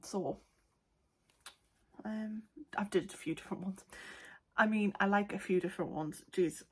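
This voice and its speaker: A woman's voice: medium pitch, measured pace, breathy edge. Chatty young woman. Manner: chatty, rambling, with many fillers. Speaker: art vlogger. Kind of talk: casual chat.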